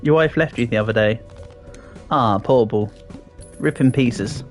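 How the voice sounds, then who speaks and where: A man's voice: medium pitch, unhurried, soft background music. An Englishman with a fairly posh accent, chatting playfully with his chat while streaming a game, with lots of ums and restarts. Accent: English, fairly posh southern English. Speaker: livestreamer reading chat. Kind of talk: casual livestream chat while gaming.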